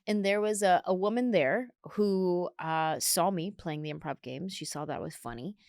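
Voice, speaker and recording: A woman comedian telling stories in a podcast interview, animated and acting out other people's lines. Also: on the low side, normal speed, no room sound, studio quality. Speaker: guest comedian. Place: podcast studio.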